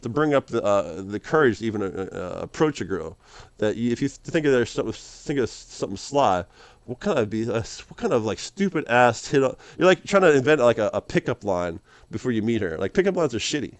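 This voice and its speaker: A man's voice: medium pitch, very animated, brisk, dry recording. Rambling man, dry sound. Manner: slangy, laughs often, calls listener dude and man. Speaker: vlogger. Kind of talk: rambling casual monologue.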